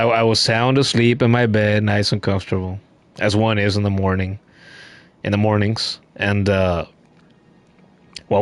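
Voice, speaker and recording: Low-voiced man chatting while gaming. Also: dry recording. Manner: relaxed, rambling, swears at the game. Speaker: streamer. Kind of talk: casual gaming commentary.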